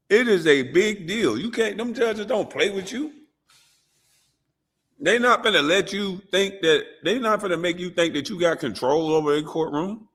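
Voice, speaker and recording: Animated man telling stories, lively pitch. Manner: animated, profane storytelling. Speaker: show host. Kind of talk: casual commentary.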